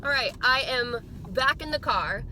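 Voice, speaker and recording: A woman's voice: sits high, animated, a little slow, noisy background. A young woman chatting casually and playfully to her viewers as a vlogger, laughing often, talking from inside her car. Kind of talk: casual chat.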